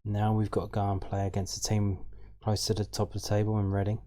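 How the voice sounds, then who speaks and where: A man's voice: lowish voice, completely flat delivery, quick pace, mellow. A man hosting a football fan channel, talking through match statistics in a casual, hesitant way with many ums and restarts. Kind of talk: casual stats rundown.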